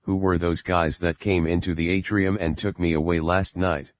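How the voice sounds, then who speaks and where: A man's voice: sits low, flat delivery, normal speed, natural voice. A man reading a timid little boy. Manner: quiet, apologetic. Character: scared timid four-year-old boy. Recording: dull lo-fi recording.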